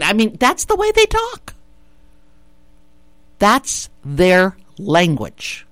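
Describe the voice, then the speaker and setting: A woman hosts a talk radio show, voicing her opinions emphatically. Her pitch leaps and falls in a lively way, she repeats her points and tosses out rhetorical questions. The sound is dry and close, with no room echo. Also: drawn-out words, pauses often. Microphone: studio radio mic.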